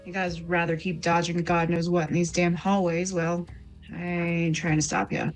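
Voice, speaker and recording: A woman plays a bitter, streetwise male smuggler in a tabletop game. He talks in a low, slow folksy drawl full of rough slang. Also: flat delivery, faint music behind, natural voice. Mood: persuasive. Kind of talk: tabletop role-play.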